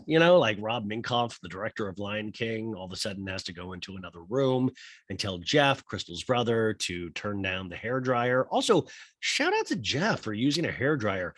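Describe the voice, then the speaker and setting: Man, podcast host, comedic recap, lively swinging pitch, dry close sound, casual, swears. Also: no echo. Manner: animated, playfully acts out quoted lines.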